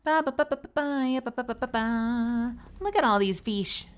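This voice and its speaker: A woman streamer chatting playfully through live gameplay commentary, with bursts of squealing and yelling. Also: on the high side, normal speed.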